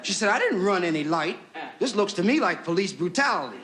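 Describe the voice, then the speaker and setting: A man performing a stand-up comedy story, acting out the people in it with lively voices. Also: sits high, fairly quick, over a noisy crowd. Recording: noisy old television recording.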